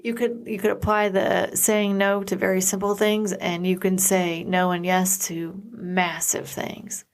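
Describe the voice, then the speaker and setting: A woman's voice: mid-range voice, little pitch movement, measured pace, hardly any pauses. A woman co-hosting a podcast, speaking in an earnest, reflective way and often searching for her words. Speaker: podcast co-host. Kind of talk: casual chat.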